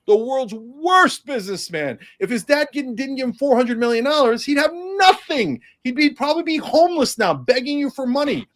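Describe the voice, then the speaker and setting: A man with a fairly high, very lively voice, speaking as a candidate in a political interview. He is combative and sarcastic, punching his points hard. His pitch rises and falls a great deal as he argues. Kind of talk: impassioned political interview talk.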